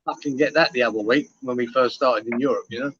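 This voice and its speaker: A man's voice: medium pitch, fast, a bit bright. A man living abroad, chatting in a laid-back, matter-of-fact way on a call. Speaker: guest on a call. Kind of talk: casual chat. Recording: dull call audio with faint noise.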